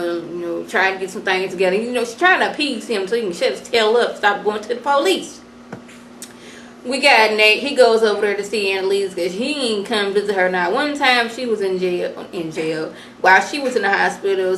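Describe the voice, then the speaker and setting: A woman giving a casual, animated recap of a TV episode and acting out the characters' lines. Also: mid-range voice. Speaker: vlogger reviewing a TV episode. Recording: echoey room, faint noise.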